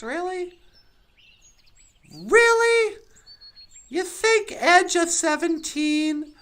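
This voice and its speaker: A performer voicing a chatty, excitable cartoon woman who rambles and giggles as she muses aloud, birds singing around her. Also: sits high, full character voice. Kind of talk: puppet show monologue.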